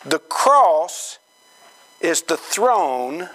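A man preaching a sermon, slow and emphatic, acting out quoted voices with dramatic swings in pitch. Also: very animated, bright, forceful tone, rough recording. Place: church gathering hall.

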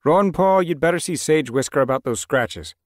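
A man's voice: a little high, lively intonation, fairly quick, dry recording, studio quality, voice pushed up, lightly acted. A man voicing a concerned male mentor cat in a storybook reading, calling out with urgency.

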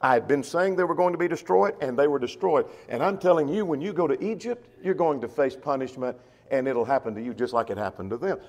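A man teaching a verse-by-verse Bible class, reading scripture slowly and with emphasis, then explaining it in a conversational way. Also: medium pitch, a little mellow, big-room sound. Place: church.

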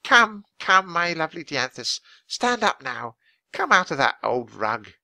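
A man's voice: on the high side, sing-song, unhurried, vocal fry, bright, forceful tone, no echo, voice pushed up, full character voice. A man voicing a sly, scheming young girl villain who bosses her partner and coaxes a creature. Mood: coaxing. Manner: coaxing, bossy.

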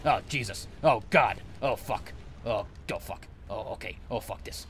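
A man's voice: on the low side, measured pace, gravelly, slightly rough. A man narrating his own gameplay in a grumpy, swearing persona of an evil sorcerer, ranting at his helpers. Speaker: gameplay commentator. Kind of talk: in-character let's play commentary.

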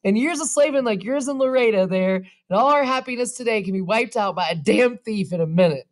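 A woman's voice: expressive, normal speed, lightly acted. Woman reader doing a cracked old rancher, distraught, raw. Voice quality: cracked, high and strained. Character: cracked-voiced grieving old father.

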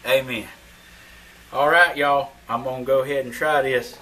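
A man's voice: medium pitch, fairly even intonation, fairly quick, pushed and bright, poor audio. A man with a Southern US accent, chatting folksy to the camera in a cooking vlog. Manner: folksy, drawling, talks to camera. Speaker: cooking vlogger. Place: outdoors.

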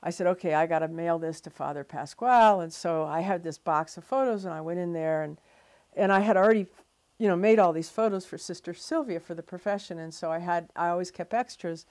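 A middle-aged woman, a photographer telling her story in an interview, animated and full of fillers and restarts. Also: lowish voice, a little fast. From Louisiana.

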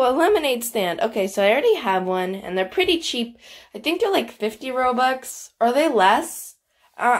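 A woman hosting a gaming channel, chatting casually over gameplay in a bubbly, giggly way with frequent exclamations. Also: mid-range voice.

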